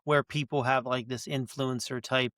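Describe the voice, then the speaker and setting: A man's voice: medium pitch, steady tone, normal speed, a bit bright, no room sound, clean studio sound. A man co-hosting a podcast, talking casually and often repeating himself. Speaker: podcast co-host. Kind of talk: casual chat.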